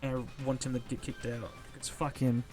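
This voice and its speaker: A man's voice: mid-range voice, little pitch movement, normal speed, warm tone, soft background music. A man streaming a video game, reacting in casual, profane and exasperated commentary.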